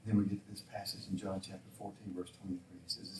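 A man's voice: sits low, fast, recorded from a distance, slight background noise. A man preaching a sermon, acting out the lines of the figures in the story with changing voices. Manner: animated, acts out dialogue in changing voices. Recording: roomy echo, voice from off-mic.

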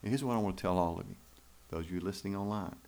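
A man's voice: sits low, rapid-fire, darkish tone. A man preaching a sermon in church, folksy and emphatic, with rhetorical questions to the congregation. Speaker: pastor.

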